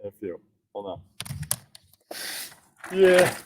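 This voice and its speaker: A man's voice: on the low side, very animated, drawn-out words, slight background noise. A man hosting casual comedic banter, ribbing others in a mocking, profane way.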